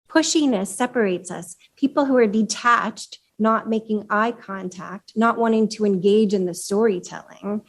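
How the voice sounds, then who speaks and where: A woman author giving a conversational workshop talk, explaining ideas and asking the room questions. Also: medium pitch. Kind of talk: live talk to a room of women leaders. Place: room with an audience.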